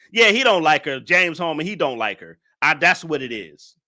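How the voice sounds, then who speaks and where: Animated, bright-voiced man hosting a live stream. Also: a little high, normal speed. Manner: mocking, laughs often, talks to chat. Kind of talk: casual live-stream reaction chat.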